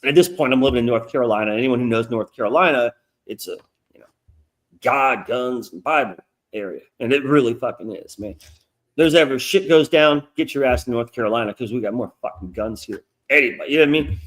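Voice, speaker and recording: A middle-aged comic creator who lives in North Carolina tells stories as a guest in a casual, profane interview chat. His voice is medium-pitched and a little fast, and he acts out quoted asides.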